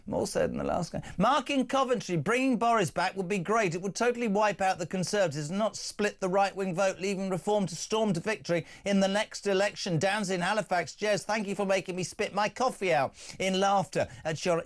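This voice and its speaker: Male radio host, bit higher voice, brisk and jokey, reading out texts. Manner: brisk, jokey, reads messages aloud. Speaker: radio talk show host. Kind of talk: live talk radio presenting.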